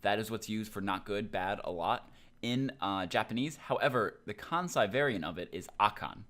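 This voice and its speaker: Young guy, lowish voice, laid-back language tutor who talks loosely. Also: moderate pace. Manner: relaxed, loose, with many ums and likes. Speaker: Japanese language teacher. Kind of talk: casual explanatory lesson.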